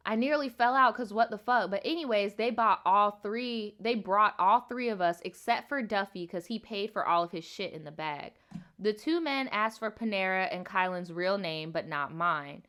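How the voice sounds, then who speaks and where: A woman's voice: mid-range voice, normal speed, a bit bright. A woman hosting a casual livestream storytime, reading viewer stories and adding sassy, profane, slang-filled commentary.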